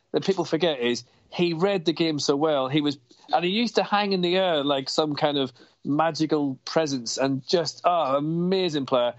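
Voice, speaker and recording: A man's voice: fairly high pitch, normal speed, no echo. Passionate guy rambling about football, swears a lot, dull dry zoom audio. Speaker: podcast guest. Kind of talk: casual football chat on a video call. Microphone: video call. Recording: dull lo-fi video call audio.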